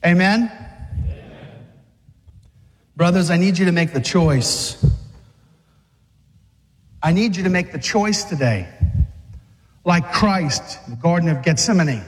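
A man's voice: high-pitched, animated, takes it slowly, pauses often. A man preaching an urgent, fiery sermon to men, exhorting them and acting out scenes. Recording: long reverb of a large hall.

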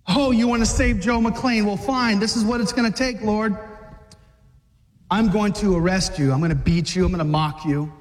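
A man preaching a fiery sermon to men, dramatic, acting out scenes and shouting at the peaks. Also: high-pitched, moderate pace, big-room sound.

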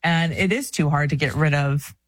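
A woman's voice: deep voice, normal speed, no room sound. A woman in her thirties co-hosting a casual faith talk, earnest and chatty, often breaking into laughs. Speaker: podcast co-host.

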